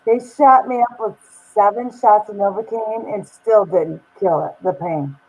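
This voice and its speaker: A woman chatting casually on a stream voice chat, relaxed and quick to laugh things off. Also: medium pitch, husky, low-quality recording.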